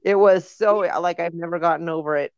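Gravelly woman, casual podcast chat. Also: fairly low pitch, fairly quick, no room sound. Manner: rambling storyteller, many fillers. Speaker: podcast co-host. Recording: dull lo-fi dry recording.

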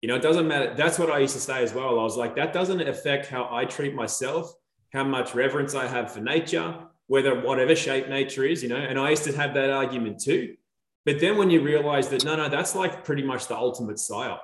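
Aussie bloke yarning on a podcast, acts out what people said, bit of room echo. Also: male voice, medium pitch, fairly quick. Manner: animated storyteller, acts out quoted dialogue. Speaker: podcast guest. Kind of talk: casual chat.

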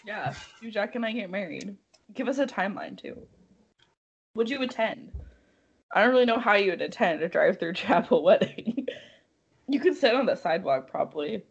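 A young woman co-hosting a podcast, chatting casually, giggling and animated as she tells stories. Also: mid-range voice, moderate pace, long pauses, breathy edge, highs cut off. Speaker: podcast co-host.

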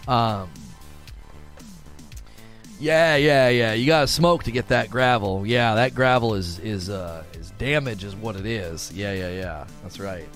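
A man hosting a casual livestream, reading viewer chat aloud and rambling in a relaxed way, often laughing and repeating himself. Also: fairly low pitch, measured pace, faint music behind.

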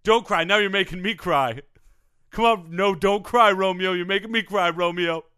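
A man's voice: sits high, moderate pace, sharp tone, clear, resonant tone, pitched above the performer's own voice. A man voicing an emotional male football coach who argues with himself in a comedy podcast sketch. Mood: weepy, theatrical. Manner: rambling and increasingly frantic.

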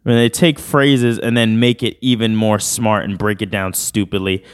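A man's voice: lowish voice, little pitch movement, moderate pace, clear, resonant tone. A man hosting a podcast in a casual, rambling, slangy chat. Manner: rambling, laid-back, slangy. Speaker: podcast host.

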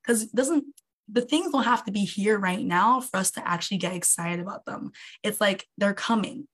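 A young woman, an online coach, giving a casual motivational talk on a livestream and acting out inner voices with big jumps in pitch. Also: moderate pace, slightly rough.

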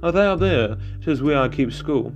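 A man voicing a sly, hungry jackal that shouts threats in a storybook tale. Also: mid-range voice, lively intonation, normal speed, lo-fi sound, soft background music, voice pushed up, lightly acted. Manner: calls out loudly and menacingly.

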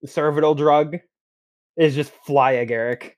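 Laid-back game master, close and dry. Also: male voice, a little high, steady tone, moderate pace, dry recording. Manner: laid-back, steering players back from tangents. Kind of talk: running a tabletop game, casual.

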